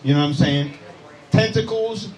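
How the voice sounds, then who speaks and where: A man's voice: sits high, normal speed, poor audio. A man doing stand-up comedy, brash and profane, joking with the crowd in a club. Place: comedy club with a live audience. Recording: loud crowd noise in a club. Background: audience laughter and chatter.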